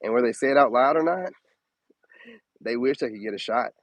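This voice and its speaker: A man's voice: fairly quick, no echo, rough recording. Man preaching on his stream, voice jumps way up when he stresses stuff, dry close mic. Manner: animated, preachy, swoops up high for emphasis. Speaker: spiritual advice streamer. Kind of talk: casual live-stream monologue.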